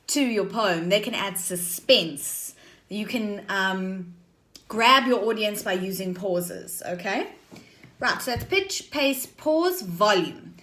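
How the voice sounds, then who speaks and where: A woman's voice: fairly high pitch, animated, fairly bright tone. A woman teaching a drama lesson to her class, explaining step by step and often checking in with "okay?" and "right?". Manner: slow, deliberate explaining.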